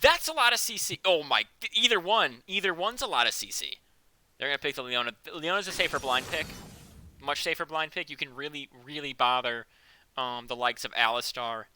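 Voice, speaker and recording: A man casting a live esports match, joking between quick breakdowns of picks and bans. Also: fairly high pitch, slight background noise. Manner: joking, excitable, fast analytical patter. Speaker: esports caster.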